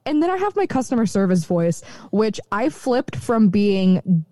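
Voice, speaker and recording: A woman co-hosting a podcast in casual chat, animated and quick to laugh. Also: mid-range voice, dry recording, studio quality. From rural area. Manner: chatty, laughs often, animated. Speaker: podcast co-host.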